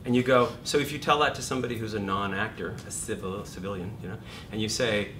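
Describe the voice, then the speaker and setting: A middle-aged man lecturing an acting class, animated and jokey, acting out inner voices as he talks. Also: on the low side, fast. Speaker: acting teacher. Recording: echoey room, far from the mic, noisy.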